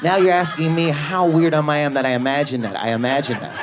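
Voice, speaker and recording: A man's voice: steady tone, background noise. A man doing a stand-up comedy set in a club, riffing on an audience member with raging, neurotic energy and lots of swearing, on a stage mic. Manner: high energy, profane, neurotic, rapid riffs. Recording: live club audience laughter.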